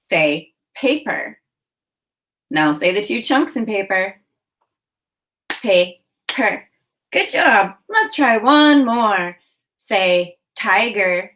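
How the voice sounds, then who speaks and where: A woman teacher leading a children's phonics lesson, giving slow, deliberate prompts and then praising the answers. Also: mid-range voice, bright, forceful tone, a little hiss or hum. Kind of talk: phonemic awareness lesson for children.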